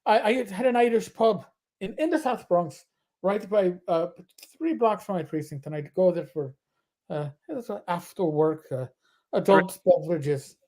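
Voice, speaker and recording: A man with a New York accent spins animated stories on a podcast, dropping into accents and tripping over his own restarts. His voice is warm and mellow, with no bright edge to it. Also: high voice, moderate pace. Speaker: podcast co-host, former police officer. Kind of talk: casual storytelling chat.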